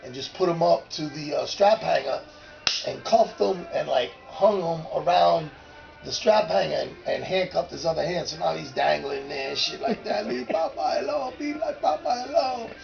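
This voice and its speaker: A man in his fifties, a former graffiti writer, telling an animated, profane story in casual street talk. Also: on the high side, moderate pace, highs cut off, faint music behind. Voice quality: gravelly.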